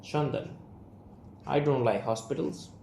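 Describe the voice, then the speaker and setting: This is a withdrawn young writer pushing his family away, read by a young man. He speaks with an Indian English accent in a slow, gravelly, restrained voice. The recording is roomy, with faint background hiss. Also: mid-range voice, a little mellow. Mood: defensive. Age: young adult. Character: young man, guarded, estranged son and writer. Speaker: student reader. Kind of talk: reading an audio play aloud.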